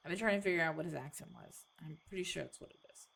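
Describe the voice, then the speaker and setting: A woman streamer reads a horror game aloud in first person, dropping casual, expressive asides and the occasional swear. Her voice sits low and creaky, she talks very fast, and the recording is rough.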